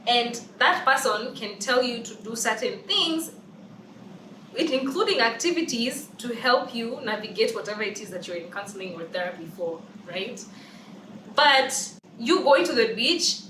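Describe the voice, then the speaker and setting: A young woman with a Kenyan accent shares her opinions in a casual vlog, her voice sitting a little high. She is emphatic and repeats phrases for emphasis. The camera's own mic catches her from a distance in an echoey room, with a faint hum underneath. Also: bright, forceful tone. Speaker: vlogger. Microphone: camera's built-in mic, no external mic.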